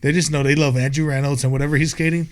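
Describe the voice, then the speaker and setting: A man's voice: fairly high pitch, flat delivery, rapid-fire. A young American man, a guest on a podcast, chatting casually in a rambling, profane, laid-back way. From United States. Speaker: podcast guest, skate filmer and wrestler.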